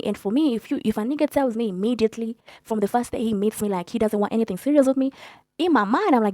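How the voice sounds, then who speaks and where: A young woman telling a story in a blunt, profane, animated way as a storytime vlogger. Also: a little high, fast, dry recording. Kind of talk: casual storytelling.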